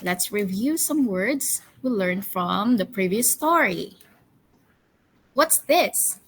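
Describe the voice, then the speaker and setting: A woman English teacher leading a storytelling lesson for children, coaxing them with cheerful questions and slow call-and-response word drills. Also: mid-range voice, animated, slight background noise, rough recording.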